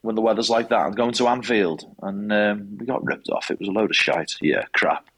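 A man's voice: on the low side, brisk, fairly bright tone, rough recording. A man, a guest on a football podcast, talking emphatically and swearing freely. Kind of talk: casual football chat.

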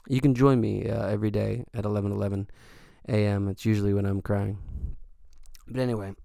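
A man's voice: fairly low pitch, fairly even intonation, brisk, vocal fry, dark tone, no room sound, studio quality. A man hosting a solo podcast, talking in a rambling, earnest and joking way with lots of fillers. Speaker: podcast host. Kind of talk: casual solo podcast monologue.

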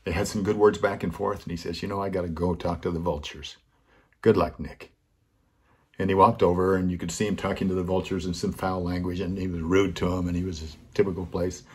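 An older man with a deep, slightly husky voice hosts a weekly talk segment. He tells a personal story in an earnest, heartfelt way and brings the people in it to life by acting out their lines. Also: flat delivery, fairly quick, a little mellow. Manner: earnest, acts out quoted voices. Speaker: host.

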